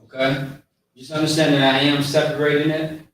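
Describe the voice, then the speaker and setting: A man's voice: a little high, little pitch movement, a little fast, a bit bright. A man teaching a casual scripture class, repeating his points and checking in with the listeners. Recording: very echoey room, mic far off.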